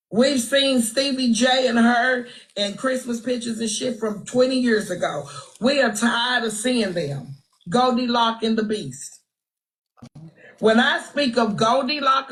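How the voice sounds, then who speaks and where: A woman's voice: a little high, fairly bright tone, low-quality recording. A woman with a Texan accent hosting a phone livestream, giving brash, sassy gossip commentary and calling people out. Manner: brash, trash-talking, sassy. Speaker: livestream host. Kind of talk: casual live-stream gossip commentary.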